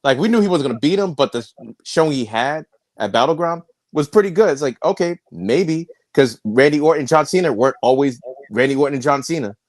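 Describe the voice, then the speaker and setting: A man on a wrestling podcast panel, measured and a little hesitant, often restarting his sentences. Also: on the high side, lively intonation, dry recording. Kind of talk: casual wrestling review chat.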